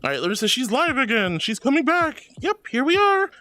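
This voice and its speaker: A man's voice: very high-pitched, very animated, a little fast, bright, forceful tone, dry recording. A man streaming live, reading chat aloud and chatting casually, affectionate and giggly, calling his viewers sweetheart and darling.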